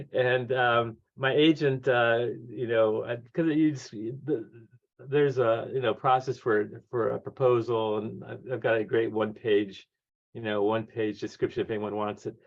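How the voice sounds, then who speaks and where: Man, 60s, animated guest storyteller who mimics the people he quotes; average pitch, dull lo-fi sound. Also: unhurried. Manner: lively anecdotes, acts out quoted voices, laughs often. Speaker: guest author. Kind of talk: conversational storytelling. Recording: dull lo-fi audio.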